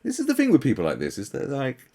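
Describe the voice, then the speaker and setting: A man's voice: mid-range voice, wildly swooping pitch, fast talker, a little mellow. A man ranting through a commentary video, profane, sarcastic and exasperated. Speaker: commentary channel host.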